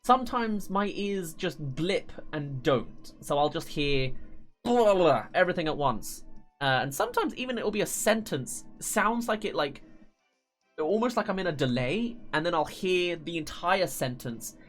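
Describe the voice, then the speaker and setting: A man streaming a game, talking in a loose, rambling way. He trips over his words and breaks into laughter often. Faint game music plays softly underneath his voice. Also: a little high, big pitch swings, moderate pace. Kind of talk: live-stream gameplay commentary.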